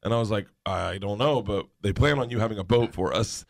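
A man guesting on a talk show, telling animated anecdotes with frequent laughter and acted-out voices. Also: fairly low pitch, fairly quick, gravelly. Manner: animated, laughs often, acts out voices in stories. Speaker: guest storyteller. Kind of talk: casual chat, anecdote telling.

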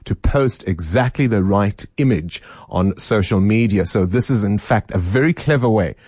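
A man's voice: lowish voice, lively intonation, moderate pace, a little mellow, husky, no room sound, studio quality. A man hosting a talk radio show, chatting with his co-host and inviting listener calls.

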